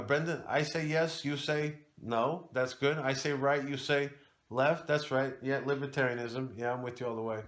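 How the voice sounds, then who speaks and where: A man's voice: medium pitch, a bit bright, close to an everyday voice. Raised-voice online crusader ranting like he's at war, a comedian puts him on, echoey room, mic far off. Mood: chummy. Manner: profane, bullying, bombastic war talk. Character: ranting, self-important online free-speech warrior, man. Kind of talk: comedic character sketch.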